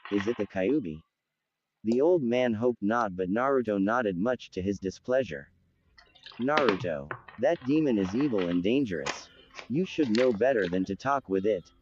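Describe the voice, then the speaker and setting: A man with a fairly low voice reads a story aloud, keeping a level, even delivery and barely shifting between characters. A faint hiss of noise sits behind him. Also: rough recording. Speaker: fan fiction reader. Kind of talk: reading a story aloud while gaming.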